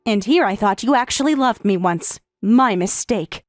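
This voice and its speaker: A woman voicing a calm, sarcastic wife in a text-message story, speaking in a matter-of-fact way. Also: mid-range voice, normal speed, no echo, clean studio sound, close to an everyday voice. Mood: cool, sarcastic. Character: calm, sarcastic wife who has left her husband.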